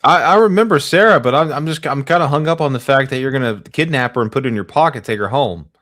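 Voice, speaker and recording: A man's voice: mid-range voice, fast talker, fairly bright tone. A man co-hosting a casual livestream movie chat, wry and joking, often restarting his sentences. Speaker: podcast co-host.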